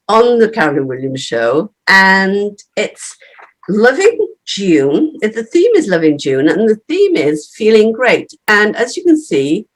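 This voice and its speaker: A woman hosting an interview over a video call, her full of rising and falling pitch. She asks her questions with an easy, expressive warmth. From Wales. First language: Welsh. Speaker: host. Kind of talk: casual interview chat.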